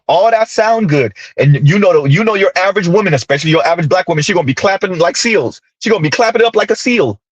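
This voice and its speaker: A man's voice: high voice, expressive, fast talker, few pauses, breathy edge, no echo. A millennial man in his thirties hosting a casual commentary monologue, ranting with sarcastic asides. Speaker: commentary channel host.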